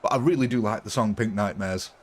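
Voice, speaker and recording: A man's voice: on the low side, fairly quick. A man casually chatting with viewers during a live stream, rambling and laughing often.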